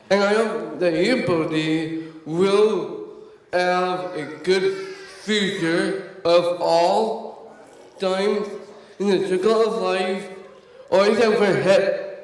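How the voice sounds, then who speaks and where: A man with a high voice gives a wedding toast very slowly, stopping and restarting as he searches for words. His voice rings with the long reverb of a big hall. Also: darkish tone. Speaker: bride's brother giving a toast.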